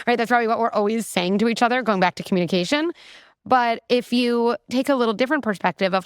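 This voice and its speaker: A middle-aged woman, a clinical psychologist, talking in an animated, explanatory way as a podcast guest. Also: mid-range voice, fast, clear, resonant tone, no room sound, clean studio sound. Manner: animated, explanatory, frequent "like" and "right?". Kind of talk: conversational interview.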